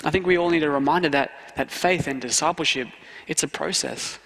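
Young-sounding preacher guy, kinda high voice with gravel in it, long echo from the hall. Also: a little fast, fairly bright tone, a little hiss or hum. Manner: earnest, repeats key phrases for emphasis. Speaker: student pastor. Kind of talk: sermon.

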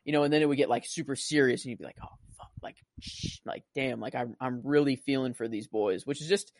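A man's voice: mid-range voice, quick pace, no room sound. A young man co-hosting a casual movie-review chat, rambling with constant "like" and "you know". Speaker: podcast co-host.

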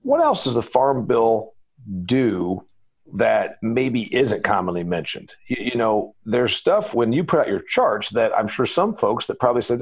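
A man hosts a podcast in a folksy, emphatic way. His voice is a little husky, and his pitch rises and falls a lot as he leans into the points he makes. The talk stays casual and chatty. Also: sing-song, moderate pace. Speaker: podcast host.

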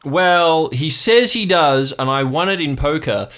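A man voicing a rambling, boastful old uncle who talks loudly and forgetfully. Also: fairly high pitch, lively intonation, unhurried, pitched above the performer's own voice. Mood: blustery. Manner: loud, blustery, forgetful.

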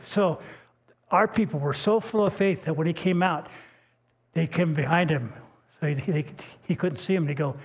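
An older man preaching a sermon as pastor, telling stories in a folksy, earnest way, often restarting his words. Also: sits high. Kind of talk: sermon with personal storytelling.

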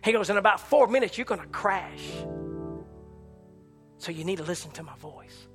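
A man preaching an impassioned sermon, swinging from shouts to hushed tones. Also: expressive, moderate pace. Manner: impassioned, rising to shouts and dropping low. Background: church organ chords.

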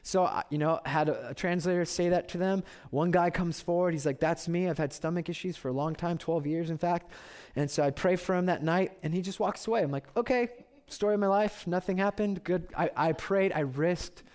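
30s guy pastor telling sermon stories, gets loud and excited then goes soft. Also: sits high, a little fast. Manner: animated storytelling, swings from loud excitement to quiet reverence.

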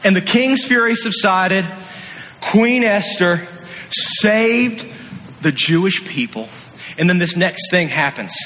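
An energetic male preacher tells a story to his congregation with a playful, lively delivery. His high, bright voice carries through a long, echoing hall. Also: takes it slowly, a little hiss or hum. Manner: energetic, playful, acts out scenes. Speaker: youth pastor. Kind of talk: animated sermon storytelling. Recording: echoey hall.

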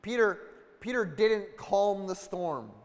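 A man's voice: high-pitched, lively intonation, takes it slowly. A man preaching a sermon in an earnest way, acting out the lines of the people in the story and building in intensity. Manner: earnest, building intensity, acts out quoted dialogue. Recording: long hall reverb.

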